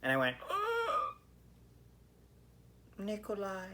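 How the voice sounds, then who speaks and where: A man with a bright, forceful voice talks through a hockey game on his podcast. He rants and swears in animated bursts, then settles back into casual chat. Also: medium pitch, moderate pace. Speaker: podcast host. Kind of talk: solo hockey game reaction.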